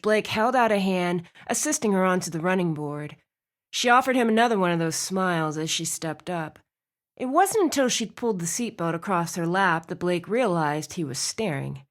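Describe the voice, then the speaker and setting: Female audiobook narrator, expressive, mid-pitched, steady storytelling. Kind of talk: scripted narration.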